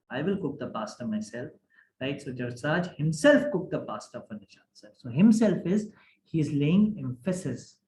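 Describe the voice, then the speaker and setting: Teaching grammar online, a man at a medium pitch stays animated and frequently checks that students understand with lots of questions. The echoey room recording carries a little hiss or hum.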